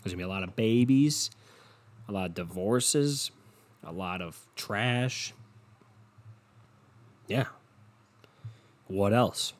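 A man hosting a solo podcast, rambling in a profane, deadpan way and sounding tired. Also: on the low side, takes it slowly, long pauses. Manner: profane, meandering and deadpan, with frequent swearing. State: tired and yawning. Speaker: podcast host.

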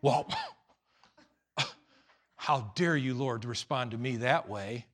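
A pastor preaching a sermon in a church, animated and teasing, acting out voices. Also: male voice, medium pitch, slow pace.

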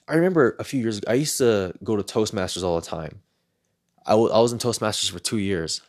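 Earnest man musing on his podcast. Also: lowish voice. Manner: earnest, reflective, repeats words when searching for them. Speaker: podcast host. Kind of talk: solo podcast monologue.

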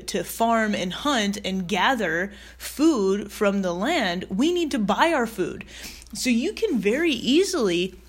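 A woman giving a casual, emphatic motivational talk, speaking straight to the listener, piling up rhetorical questions and repeating her key phrases. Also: mid-range voice. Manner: emphatic, repetitive, direct address with rhetorical questions; casual with fillers and mild swearing.

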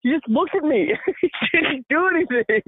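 A man co-hosting a podcast, telling a story in a casual, animated way, laughing often and swearing freely. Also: very high-pitched, normal speed, no room sound. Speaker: podcast co-host. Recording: tinny phone-like sound, dry.

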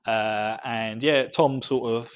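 A podcast host with a medium-pitched, clean-toned voice chats casually about a book, laughing often between thoughts. There's no room sound, though the lo-fi audio comes across slightly dull.

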